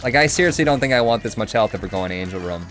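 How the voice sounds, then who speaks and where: A man's voice: fairly low pitch, lively intonation, very fast, a bit bright, soft background music. A man streaming a video game, chatting casually and rambling, swearing now and then. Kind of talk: casual gameplay chat.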